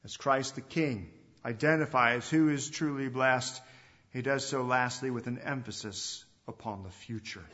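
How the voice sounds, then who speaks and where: A man preaching a sermon as pastor, stressing some phrases loudly and letting others drop to a hush, repeating himself and putting direct questions to his listeners. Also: mid-range voice. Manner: emphatic preaching that swings between loud stresses and hushed, drawn-out endings. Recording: dull lo-fi recording.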